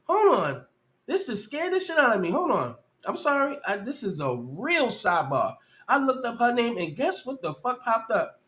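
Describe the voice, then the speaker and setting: A man hosting a live stream and reacting to a clip, trading drawn-out, cursing comments for loud, shocked outbursts. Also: extremely high pitch, very animated. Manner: drawling, slow comments between outbursts.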